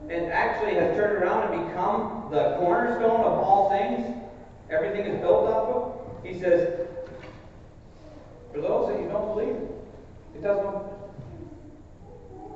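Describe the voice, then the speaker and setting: Guy preaching in a big echoey church, kinda far from the mic, higher voice, goes loud then soft. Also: a little slow, long pauses, a little hiss or hum. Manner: earnest, rises to emphatic peaks then drops to soft asides. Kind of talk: expository sermon. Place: church sanctuary. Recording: distant echoey hall recording, dull.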